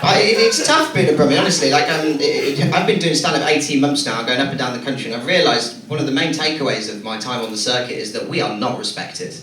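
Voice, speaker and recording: Young male stand-up from Birmingham, dry and self-deprecating, taped from far back in a boomy club. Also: fast talker, hardly any pauses, a little hiss or hum. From Birmingham, England. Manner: deadpan, self-mocking, with stammered restarts. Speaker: stand-up comedian. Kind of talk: stand-up set. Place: comedy club stage. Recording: roomy club sound from far off, loud crowd.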